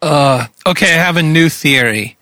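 A man's voice: on the high side, normal speed, bright, forceful tone, dry recording. A man hosting a podcast, amused and laughing in casual chat. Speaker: podcast host.

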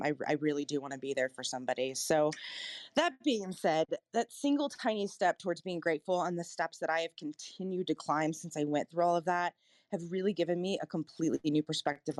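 A woman's voice: low-pitched, dry recording. A woman giving a heartfelt motivational talk to a live audio room, earnest and emotional, speaking straight to her listeners.

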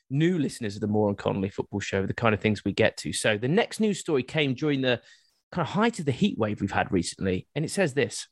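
Lively man hosting a podcast. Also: mid-range voice, no echo, studio quality. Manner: animated, reads news stories aloud with laughs. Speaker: podcast host. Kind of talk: casual podcast chat.

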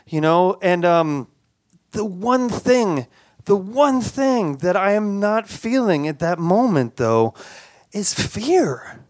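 A man telling a personal story live, halting often, with stammers and repeated words. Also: sits high, dry recording, studio quality.

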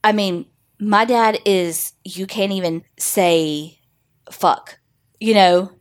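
A woman's voice: medium pitch, slow. A woman co-hosting a podcast, chatting casually and bluntly, swearing freely. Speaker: podcast co-host. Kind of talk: casual chat.

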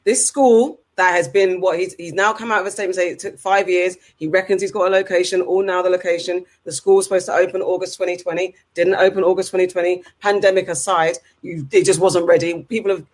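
A woman's voice: fairly low pitch, steady tone, quick pace, hardly any pauses. A woman with a London accent, co-hosting a casual podcast and ranting heatedly, repeating herself for emphasis. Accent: London English. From England. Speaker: podcast co-host.

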